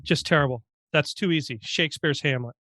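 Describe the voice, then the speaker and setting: A man's voice: on the high side, a little fast, bright, forceful tone. A middle-aged man from Vermont co-hosting a podcast with joking, teasing, upbeat banter. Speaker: podcast co-host.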